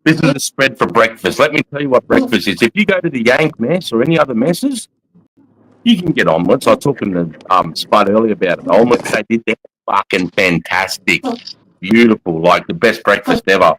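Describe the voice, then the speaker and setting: An Australian army veteran telling war stories in a casual livestream, swearing constantly and rambling bluntly. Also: male voice, on the low side, expressive, brisk, fairly bright tone, low-quality recording.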